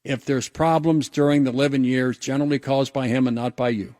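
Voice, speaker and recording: A man hosts a radio show and tells a personal story in an earnest, reflective manner, stumbling and restarting as he goes. His voice sits at an ordinary middle pitch. The studio sound is dry and close. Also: steady tone, brisk, a little mellow, dry recording. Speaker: radio host.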